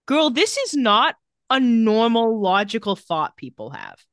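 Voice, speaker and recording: A woman co-hosting a podcast, casually recapping a TV episode and reading its dialogue aloud with shifting pitch and pace. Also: big pitch swings, a little slow, fairly bright tone, no room sound, studio quality.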